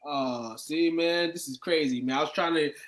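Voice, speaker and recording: A man's voice: on the high side, moderate pace, fairly bright tone. A man co-hosting a casual sports chat, slangy and laid-back. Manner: slangy, laid-back, calls people dog. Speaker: sports podcast co-host.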